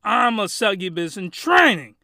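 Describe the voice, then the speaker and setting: A man's voice: sits high, sing-song, normal speed, bright, forceful tone, dry recording, full character voice. A man voicing a young female succubus in training, keeping close to his own voice with a casual, slangy delivery. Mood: offhand.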